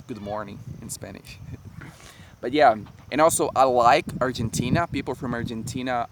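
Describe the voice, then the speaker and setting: A friendly Brazilian man chats to his viewers in English with a Brazilian accent. His voice sits in a mid range, and his talk is relaxed and full of restarts. Crickets and other outdoor noise are clearly heard behind him. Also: mid-range voice. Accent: Brazilian Portuguese. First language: Portuguese. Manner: chatty, friendly, talks in restarts. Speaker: travel vlogger. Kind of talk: casual storytelling to camera. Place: outdoors in nature. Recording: outdoor recording with insect noise. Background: crickets and insects, passing vehicles.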